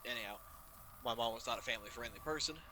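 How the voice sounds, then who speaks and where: A man's voice: medium pitch, quick pace, noisy background. A man in his twenties giving rambling, casual commentary while playing a game. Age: 20s. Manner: rambling storyteller, chatty and relaxed. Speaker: gaming channel host. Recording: voice with loud game music behind.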